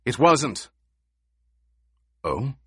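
A man voicing a stern older male desert tribal leader in an audiobook, speaking in a gruff growl. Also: mid-range voice, very animated, drawn-out words, no echo, studio quality, pitched above the performer's own voice, exaggerated voice. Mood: grave.

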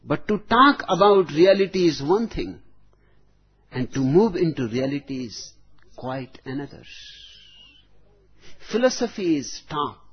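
A man delivers a spiritual discourse in an unhurried, measured way, setting out each phrase on its own with long pauses between. His voice sits a little high and has a husky grain. The recording is dull and lo-fi. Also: big pitch swings. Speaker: spiritual teacher.

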